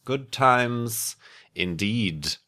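A man's voice: mid-range voice, lively intonation, drawn-out words, pushed and bright. A man rambling chattily through casual let's-play commentary with self-mocking asides, a bit stuffy from a cold. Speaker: gaming YouTuber.

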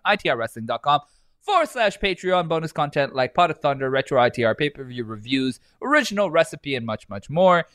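A man co-hosting a casual podcast, laughing through his lines and swearing freely. His somewhat high voice swoops up and down a lot. The sound is dry and close. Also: a bit bright, no room sound. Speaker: podcast co-host. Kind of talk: casual podcast chat and reading aloud.

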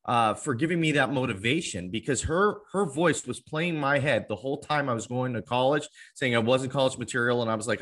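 A man's voice: mid-range voice, brisk, few pauses, fairly bright tone. A man in his twenties telling his life story as an interview guest, earnest and acting out old conversations. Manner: earnest, acts out past conversations in quotes.

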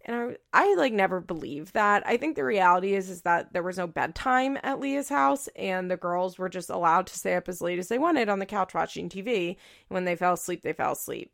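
A woman's voice: mid-range voice, animated, fairly quick, vocal fry. A woman giving casual commentary as a podcaster, blunt and profane, with frequent "like" fillers. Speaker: reality TV recap podcaster.

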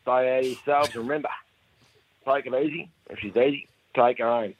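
A man's voice: mid-range voice, fairly quick, breathy edge, dry recording. A man with an Australian accent leaving a rambling, slightly tipsy phone message to tell a joke. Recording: tinny phone line.

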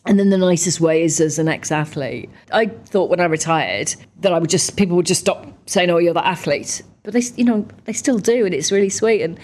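A woman from the UK, a guest in a conversational interview, chatty and lively when telling stories. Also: fairly low pitch, a little fast, hardly any pauses. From United Kingdom. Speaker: interview guest, parliamentarian and ex-athlete.

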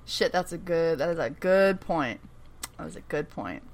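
Her voice is deep and animated, at a normal speed. She's a podcast co-host chatting casually through a TV episode recap, performing characters' lines with frequent laughter.

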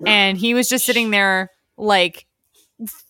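A young adult woman co-hosting a podcast, chatting casually with lots of fillers and quick impressions of people. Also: mid-range voice, steady tone, pushed and bright, clean tone, no room sound, studio quality. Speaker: podcast co-host. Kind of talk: casual chat.

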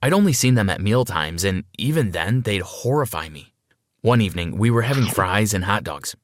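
A man narrating a first-person story in an expressive storytelling manner. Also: lowish voice, normal speed, no echo.

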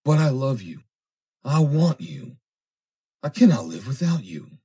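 A man's voice: mid-range voice, sing-song, normal speed, mellow, husky, voice pushed up. A man doing a jealous, possessive suitor. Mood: pleading. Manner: pleading, then bitter.

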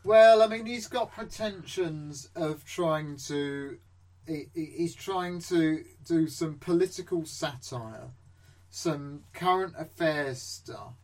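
A man with a slightly high voice, talking in a dry, rambling way in a casual comedy podcast. He often stumbles into restarts before landing his point. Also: takes it slowly, a little mellow. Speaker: podcast co-host. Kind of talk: casual comedic review chat.

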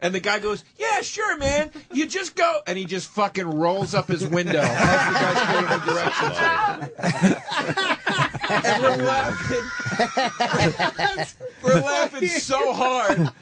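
High bright male voice, swoops a lot, laughs through the story, faint hiss. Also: animated, takes it slowly, long pauses. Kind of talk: casual podcast storytelling.

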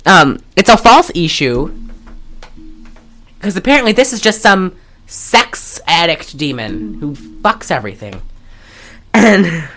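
A woman co-hosting a podcast, retelling a film scene by scene in loose casual chat. Her pitch moves in wide, lively swoops, and she slips into quick acted-out voices for the characters before breaking into loud laughter. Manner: animated storyteller, acts out lines, laughs loudly. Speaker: podcast co-host.

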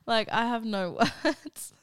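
A young Australian woman in her twenties co-hosting a podcast, telling stories in a giggly, animated way. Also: fairly high pitch, takes it slowly, smooth, dry recording, clean studio sound. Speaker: podcast co-host. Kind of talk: casual storytelling chat. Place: studio living-room set.

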